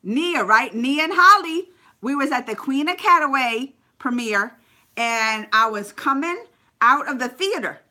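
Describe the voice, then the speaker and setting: A bright, sharp-toned woman chats on a live stream. Her high voice swoops all over as she tells stories and greets viewers by name between anecdotes. She is animated and chatty throughout. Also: a little slow. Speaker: vlogger. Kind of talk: casual live-stream chat.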